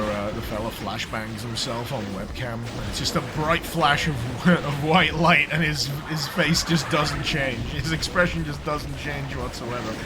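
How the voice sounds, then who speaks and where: Young Scouse-tinged male streamer, mid-pitched, rambling, sweary, wry gameplay chatter. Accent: Liverpool (Scouse), softened. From Liverpool, England. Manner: rambling, stammering repeats, frequent swearing, wry. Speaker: livestreamer. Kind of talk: casual gameplay commentary.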